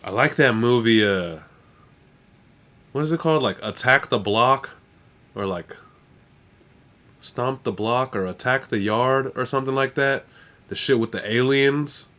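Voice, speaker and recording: A man's voice: medium pitch, measured pace, long pauses, fairly bright tone. A man hosting a live stream, chatting casually in a slangy, laid-back way and swearing freely. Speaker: stream host and rapper.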